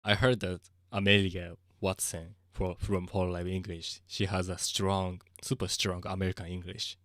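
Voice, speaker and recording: A Japanese-accented man with a deep, low voice talks casually on a livestream. His English is halting and he chuckles often. The sound is dry and close. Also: little pitch movement, fairly bright tone, no echo. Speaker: streamer.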